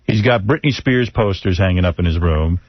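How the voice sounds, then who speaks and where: A man's voice: deep voice, a little fast, dry recording, highs cut off. A man hosting a radio talk show, brash and teasing as he needles a caller. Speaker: radio host.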